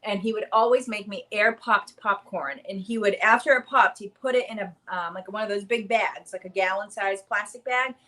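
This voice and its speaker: A woman's voice: medium pitch, normal speed, few pauses, sharp tone. A woman in her thirties hosting a casual livestream, chatty and rambling, with lots of fillers. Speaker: livestream host. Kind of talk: casual live chat.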